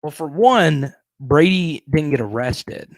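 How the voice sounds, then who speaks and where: A man's voice: fairly high pitch, lively intonation, takes it slowly, no echo. A man hosting a casual live stream, chatting and reading viewer comments aloud.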